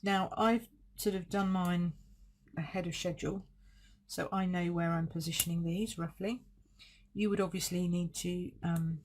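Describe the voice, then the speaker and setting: Streaming live from her desk, this woman leads a card-making demonstration, chatting, reasoning aloud, and fixing her own slips. Her voice sits fairly low with a darkish tone and fairly even intonation, moving at a moderate pace against slight background noise.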